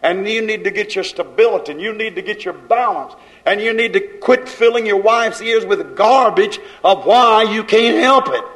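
High-pitched preacher scolding his flock. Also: a bit bright, poor audio. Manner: scolding, rhythmic repetition, folksy grammar. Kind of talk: fiery sermon.

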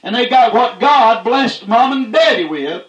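Animated yet measured in pace, a high-pitched man preaches a fiery country sermon, folksy and plain, returning again and again to "that's right" and rising to shouts. Echo fills the room, and the sound is lo-fi.

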